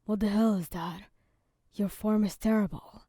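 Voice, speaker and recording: A woman voicing a hot-headed young male hero trainee in a fan audio story, snapping harshly and louder than her narration. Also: medium pitch, fairly even intonation, normal speed, no room sound, clean studio sound, natural voice. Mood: angry yelling.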